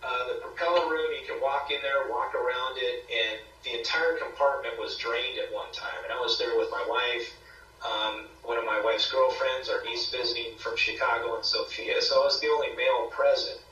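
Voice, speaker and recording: A man guest on a paranormal talk show, casually retelling an investigation in a rambling, animated way and acting out quoted voices. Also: medium pitch, moderate pace, echoey room, recorded from a distance, highs cut off. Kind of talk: casual interview storytelling.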